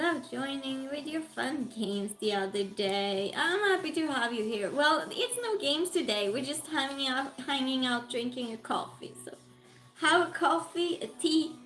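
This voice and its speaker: A high-voiced woman with a Norwegian-tinged British English accent hosts a relaxed live stream at an unhurried pace. She greets her viewers one by one and reads their comments aloud. Her voice bounces around an echoey room with faint music underneath. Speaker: livestream host. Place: home room.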